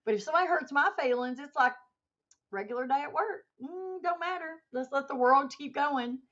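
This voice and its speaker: On a casual livestream, a woman spins an animated story and answers chat comments as she goes. Her voice is slightly high and her pace normal. The sound is dull and muffled, like a basic stream mic.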